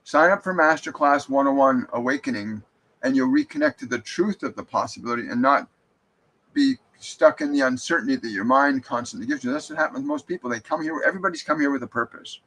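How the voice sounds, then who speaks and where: Fast-talking, with big pitch swings, medium pitch and a slightly bright sound, a man speaks on a low-quality recording. He hosts a live stream as a spiritual medium, reading viewer comments aloud and responding earnestly and reassuringly, often restarting his sentences.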